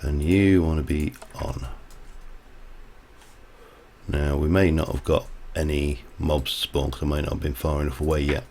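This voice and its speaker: With a rumbling low, gravelly, slightly mellow voice, a man speaks in a level tone at a measured pace, leaving long pauses, over slight background noise. He's a livestreamer chatting casually through gameplay, rambling and digressing mid-task.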